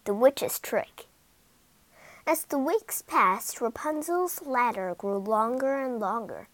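A woman narrating a fairy tale in an expressive, dramatic storytelling manner. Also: a little high, slow, no room sound, poor audio.

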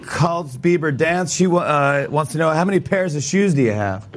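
A man hosts a casual interview in a slightly high voice, teasing his guest and laughing between questions. Steady background noise runs under the recording. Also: normal speed. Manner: jokey, teasing, laughs often. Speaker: talk show host. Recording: noisy background.

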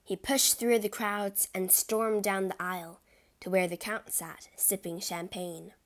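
A woman's voice: on the low side, fairly even intonation, slow pace. A woman reading a classic adventure story aloud as narrator, with a dramatic delivery.

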